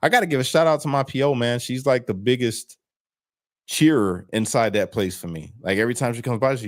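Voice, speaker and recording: A lowish voice moving at a quick pace belongs to a man on parole being interviewed over video. He tells his story casually and bluntly, not holding back on the swearing.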